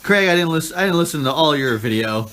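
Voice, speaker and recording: A man's voice: a little high, expressive, quick pace, a bit bright. A man co-hosting a casual chat, teasing and trash-talking his friend.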